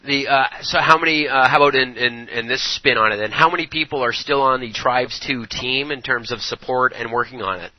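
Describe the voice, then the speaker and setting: A man's voice: mid-range voice, fairly quick, hardly any pauses, dry recording, muffled recording. A man hosting an interview, asking long rambling questions with fillers. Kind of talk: casual interview.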